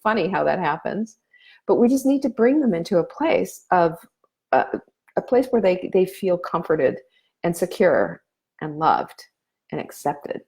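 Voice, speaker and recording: Earnest middle-aged woman, slightly low voice. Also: lively intonation, a little slow, darkish tone. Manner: earnest, emotional, motherly advice with many fillers. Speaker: nutrition coach host. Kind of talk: casual live-stream talk.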